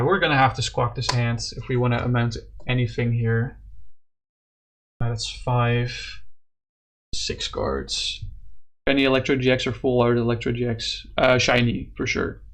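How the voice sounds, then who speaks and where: A man streaming a card game, chatting casually with his viewers, excitable and swearing freely. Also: mid-range voice.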